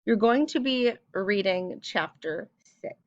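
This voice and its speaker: A woman teacher giving a recorded reading lesson, speaking clearly and patiently and reading short passages aloud with expression. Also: mid-range voice, animated, slow, no room sound, dull audio.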